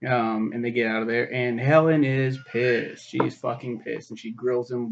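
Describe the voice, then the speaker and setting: A man's voice: medium pitch, steady tone, moderate pace, creaky, few pauses, slight background noise. A man casually reviewing a film in a rambling, profane way, full of fillers and restarts. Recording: dull lo-fi recording.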